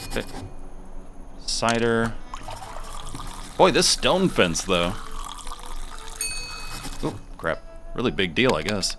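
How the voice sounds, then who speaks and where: Wry man narrating gameplay, bright voice. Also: on the low side, sing-song, slow pace, pauses often, faint music behind. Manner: wry, chatty, talks to himself while playing. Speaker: gameplay streamer. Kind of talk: casual gameplay commentary.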